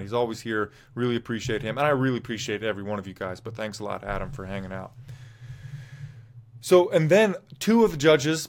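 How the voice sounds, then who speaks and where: A man hosting a casual fight recap show, talking in a rambling, opinionated way and correcting himself as he goes. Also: medium pitch. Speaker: MMA show host.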